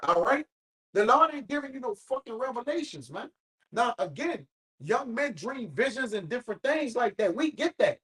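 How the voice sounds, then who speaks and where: A man's voice: extremely high pitch, sing-song, moderate pace, fairly bright tone, rough recording. A man leading an informal Bible study, preaching emphatically and swearing casually as he talks.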